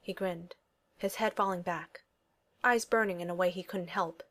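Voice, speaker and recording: A woman narrating a fan fiction story as an audiobook, in a steady, even reading voice. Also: fairly low pitch, brisk.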